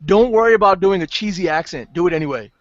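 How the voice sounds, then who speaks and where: Casual game master, male, animated delivery, dull dry call audio. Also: high-pitched, quick pace, no room sound. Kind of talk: casual hangout chat. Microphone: video call.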